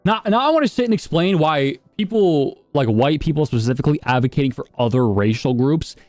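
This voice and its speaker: A man's voice: on the high side, expressive, fairly quick, darkish tone, dry recording, soft background music. A man streaming live and reacting to videos in blunt, profane, rambling casual commentary.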